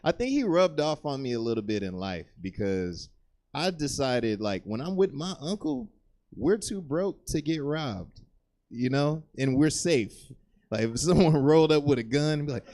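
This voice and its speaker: A male stand-up comedian tells a meandering story from a theater stage. His delivery is loose and rambling, full of restarts, and he leaps up in pitch whenever he acts out someone else. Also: lively intonation, normal speed, darkish tone.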